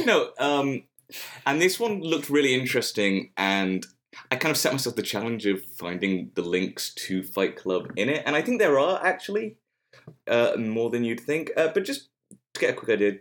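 Guy hosting a film podcast, joking around, lively voice. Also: medium pitch, normal speed. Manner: wry, joking. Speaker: podcast host. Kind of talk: casual chat.

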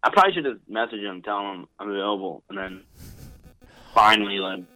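A young man in his twenties talks loosely and rambles, stacking up fillers as he chats on a podcast. His voice sits a little low but has a bright, forward edge. The sound is close and dry. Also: lively intonation, fairly quick, dry recording, low-quality recording. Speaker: podcast guest, wrestler. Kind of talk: casual podcast chat.

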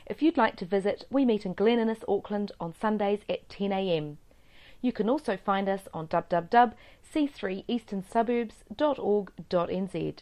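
Mellow New woman announcer. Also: mid-range voice, moderate pace. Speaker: podcast announcer. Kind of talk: scripted intro.

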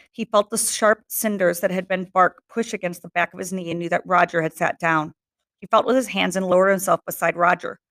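A woman teacher reading a novel aloud to her class in a steady, measured narration. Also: fairly low pitch.

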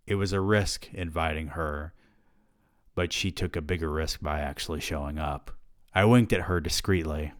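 A man with a very low voice reads a novel aloud for his podcast, dry and wry. He breaks in now and then with his own asides. The recording is close and dead, with no room sound. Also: normal speed, no room sound.

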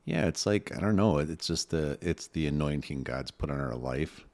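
A man's voice: rumbling low, expressive, normal speed, a little mellow. A man co-hosting a podcast in casual chat, talking emphatically and sometimes searching for words. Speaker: podcast co-host.

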